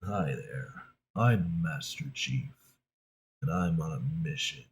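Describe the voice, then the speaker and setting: A man voicing a stoic, grizzled soldier of the far future in a low, monotone, gruff voice. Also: slow pace, slight background noise, full character voice.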